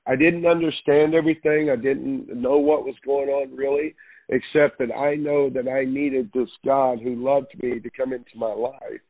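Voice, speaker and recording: A man, a pastor, tells his testimony in an earnest, halting way, often circling back on his words. His voice sits at an ordinary pitch. It comes through a thin, tinny, phone-like radio line. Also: level tone, breathy edge, no echo. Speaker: pastor, interview guest.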